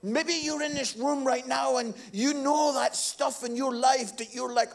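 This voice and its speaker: Male pastor, middle-aged, live sermon: high voice with a gravelly edge, passionate, drops to a hush then shouts. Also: steady tone, measured pace, few pauses. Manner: impassioned, swinging from hushed to shouting. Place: church service, live.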